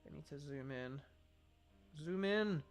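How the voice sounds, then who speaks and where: A man's voice: a little high, expressive, slow, faint music behind. A young man chatting casually with his stream viewers while playing a game, rambling with lots of fillers. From United Kingdom. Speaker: gaming streamer.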